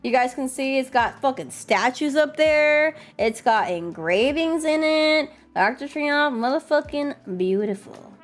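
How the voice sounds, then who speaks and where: A woman streamer chatting casually and fast, swearing a lot and answering her chat. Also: high-pitched, animated, soft background music.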